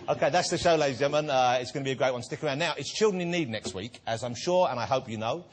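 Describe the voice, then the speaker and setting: A man hosting a TV chat show in front of a studio audience, playful and teasing, with soft r sounds that blur toward w. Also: mid-range voice. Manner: playful, teasing, quick to laugh. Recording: loud studio audience and noise.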